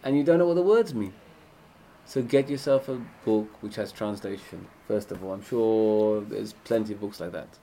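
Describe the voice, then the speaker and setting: A man giving an informal Torah class on prayer, often asking his listeners questions and swinging between loud and hushed speech. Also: lowish voice, normal speed, a little hiss or hum. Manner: animated, swings from loud chanting to hushed near-whispers. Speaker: Torah teacher.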